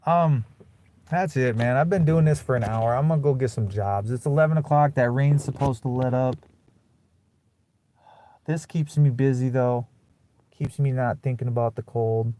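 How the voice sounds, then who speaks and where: Young man, vlogger type, bitter rant with profane flare-ups, mid-pitched voice. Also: unhurried, long pauses, mellow, a little hiss or hum. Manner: bitter, profane, swings between mutters and angry outbursts. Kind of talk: casual ranting monologue.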